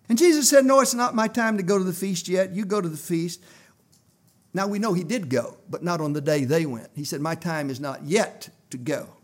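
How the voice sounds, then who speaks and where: An older man preaching a sermon, telling a personal story in a folksy way and rising to loud, emphatic prayer. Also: on the high side, breathy edge.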